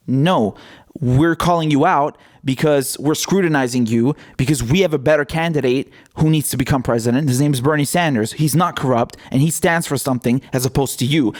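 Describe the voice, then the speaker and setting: A male host giving casual political commentary in a blunt, indignant way, with some swearing. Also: on the high side.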